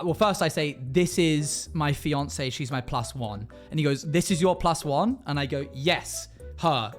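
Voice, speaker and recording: A man with a fairly high voice tells a story to his live stream audience in a loose, casual way. He acts out the people he quotes as he goes. Soft music plays faintly behind him.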